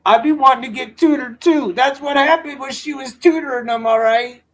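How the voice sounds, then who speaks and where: Very high-voiced man telling rambling stories. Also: normal speed. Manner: profane, slangy, rants full of "bro" and "dude". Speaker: live-stream host. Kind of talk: casual rambling storytelling.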